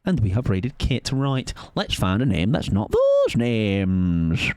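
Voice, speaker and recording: A man's voice: fairly low pitch, huge pitch swings, slow, darkish tone, clear, resonant tone. A young man closing out his stream in casual chat, rambling and self-mocking, rattling off goodnights and plans in a sing-song way.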